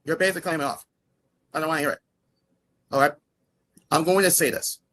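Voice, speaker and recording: A man's voice: on the high side, fast talker, a bit bright, a little hiss or hum. A man as a guest in a heated argument, angry and swearing, repeating himself over and over.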